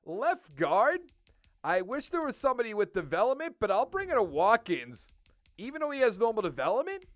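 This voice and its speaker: A man's voice: sits high, huge pitch swings, brisk, dry recording, studio quality. A man with a Boston accent giving casual commentary over a video game, thinking aloud as he runs through player stats and numbers. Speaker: gaming video creator.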